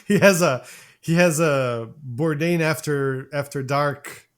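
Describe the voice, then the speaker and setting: A man's voice: a little high, slow, fairly bright tone, clear, resonant tone. A man co-hosting a podcast in casual chat, making crude jokes. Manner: crude, joking. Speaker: podcast co-host.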